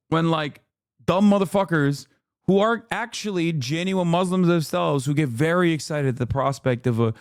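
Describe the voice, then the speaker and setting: A man's voice: fairly high pitch, no echo, studio quality. A man streaming a reaction, ranting angrily and profanely with mocking impressions. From Turkey. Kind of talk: profane heated commentary.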